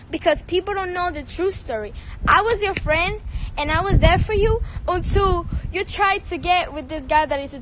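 A teenage singer from Cuba speaks English with a Cuban Spanish accent, her voice pitched high. She rants in a heated, profane, confrontational way, firing back at someone over a livestream, with faint noise behind her. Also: fairly bright tone, poor audio. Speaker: singer and social media personality.

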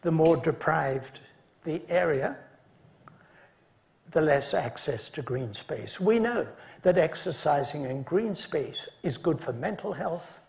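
A man delivering an academic conference lecture, his voice sitting a touch high with a gravelly edge. He speaks in a measured way and slips in dry asides between his points. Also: lively intonation, darkish tone.

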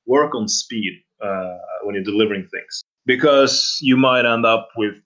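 A man guest on a casual podcast, talking in a rambling, halting way with many restarts. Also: fairly low pitch, a bit bright, poor audio. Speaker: game sound designer guest.

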